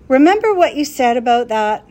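A woman's voice: high voice, very animated, brisk, a little mellow. Woman doing an earnest young boy.

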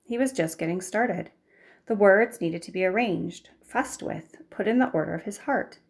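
A woman narrating a novel aloud in a measured storytelling manner. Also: medium pitch, creaky. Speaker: audiobook narrator. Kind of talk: scripted narration.

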